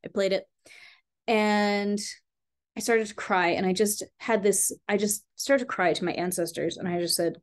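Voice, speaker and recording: A woman with a mid-range voice talks to camera about healing work in a relaxed, chatty vlog. Her delivery is heartfelt and a little rambling, full of "like" and "you know." She addresses the viewer directly and warmly. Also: mid-range voice, moderate pace. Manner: earnest, rambling, heavy use of "like" and "you know"; heartfelt, speaking straight to viewers. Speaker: spiritual healing teacher. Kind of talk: casual spiritual vlog talk.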